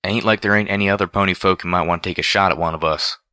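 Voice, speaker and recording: A man's voice: low-pitched, steady tone, racing, bright, forceful tone, dry recording, clean studio sound. A man reading a storybook voices a caring but stubborn farm-pony mare who speaks in a folksy country dialect. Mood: insistent.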